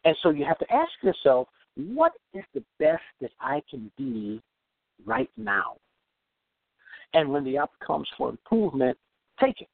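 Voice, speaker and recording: An emphatic man gives a motivational talk, his voice swinging widely in pitch with a gravelly edge. He slows down to repeat key phrases. The sound is dry and tinny, like a phone line. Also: big pitch swings, dry recording. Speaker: podcast host and self-improvement speaker.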